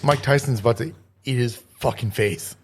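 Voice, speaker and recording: Hoarse, excitable podcast co-host. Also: male voice, medium pitch, moderate pace. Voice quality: rough, raw voice. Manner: animated, excitable, swears freely. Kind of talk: casual chat. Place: podcast studio.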